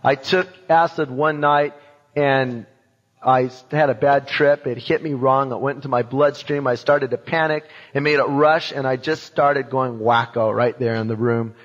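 A man telling a personal testimony, animated and acting out voices and sounds from his story. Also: medium pitch, normal speed. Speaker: speaker giving a testimony. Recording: dull sound in a reverberant hall.

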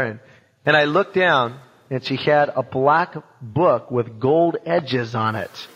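A man telling a personal testimony, animated and acting out voices and sounds from his story. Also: medium pitch, normal speed, some chatter behind. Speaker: speaker giving a testimony. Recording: dull sound in a reverberant hall.

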